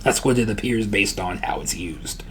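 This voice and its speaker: A man teaching a language lesson in a casual, relaxed way, repeating words slowly and often checking in with the listener. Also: on the low side, a little hiss or hum. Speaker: language tutor.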